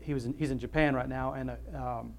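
A man's voice: medium pitch, fairly even intonation, fast talker, creaky. A male pastor giving an informal, rambling sermon, full of asides, restarts and self-interruptions.

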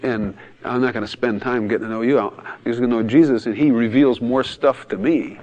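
A man's voice: mid-range voice, steady tone, fairly quick, darkish tone, lo-fi sound. A man preaching in a blunt, emphatic way, often laughing and acting out quotes in other voices. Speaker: pastor. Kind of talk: sermon-style teaching talk.

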